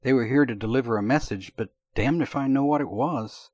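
A man's voice: mid-range voice, brisk, darkish tone, no room sound, lightly acted. A man voicing a tough, wary woman fighter with claws, speaking in blunt, clipped lines.

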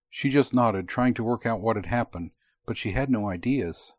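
A man narrating an audiobook in a steady, even tone. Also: on the low side, moderate pace, no echo.

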